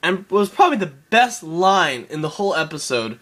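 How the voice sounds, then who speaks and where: A man's voice: high-pitched, sing-song, fairly quick, fairly bright tone. A man giving a casual episode recap, rambling and swearing, often laughing. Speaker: show reviewer.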